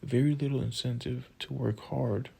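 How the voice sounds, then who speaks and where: A man narrating a textbook audiobook, reading list items in a slow, measured way. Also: medium pitch, fairly even intonation, gravelly, mellow, slightly rough, low-quality recording.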